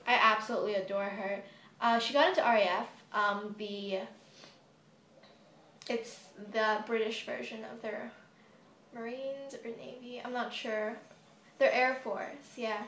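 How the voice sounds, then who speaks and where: A woman's voice: a little high, steady tone, unhurried, pauses often, fairly bright tone. A young woman from the United States chatting casually through a Q&A vlog, rambling with giggly asides, filmed on a phone propped on a table. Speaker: model horse YouTuber. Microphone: phone camera propped on a table. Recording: echoey room, faint background hiss.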